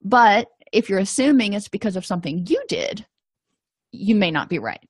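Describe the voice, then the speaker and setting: A woman's voice: mid-range voice, big pitch swings, moderate pace, husky, dry recording. A woman, a counselor, teaching a conversational lesson on empathy in relationships and acting out little quoted exchanges. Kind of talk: informal lecture on empathy.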